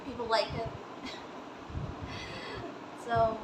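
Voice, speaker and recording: A woman's voice: on the high side, monotone, drawn-out words, heavy background noise. A young woman, chatting casually in a makeup vlog, self-deprecating and giggly, rambling as she talks. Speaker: vlogger.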